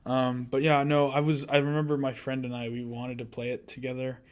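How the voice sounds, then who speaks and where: A man's voice: mid-range voice, little pitch movement, brisk, clear, resonant tone. A young man co-hosting a casual podcast, laid-back, laughing often and trailing off with fillers. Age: young adult. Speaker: podcast co-host. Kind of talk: casual chat.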